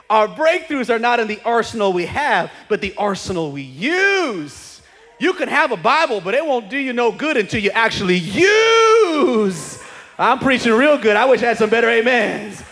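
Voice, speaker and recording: A man with a high voice preaches a sermon in a church. He drops to quiet, chatty asides and acts out comic churchgoers, then builds up to shouted, rousing preaching. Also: in a large hall. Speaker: pastor. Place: church sanctuary.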